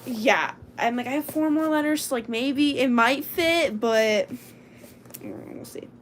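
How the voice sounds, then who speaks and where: A young woman livestreaming from home at night, casually chatting to viewers as she draws lettering and talking herself through each step, sometimes in a hushed whisper. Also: sits high, measured pace, slight background noise. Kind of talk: casual livestream chat while drawing.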